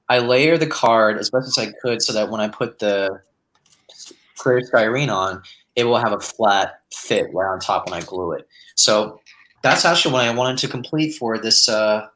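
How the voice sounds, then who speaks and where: A man's voice: medium pitch, unhurried, a little hiss or hum, poor audio. A man from the United States, a guest modeller on a live stream, explaining his work casually with many fillers. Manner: relaxed, rambling explanations with fillers.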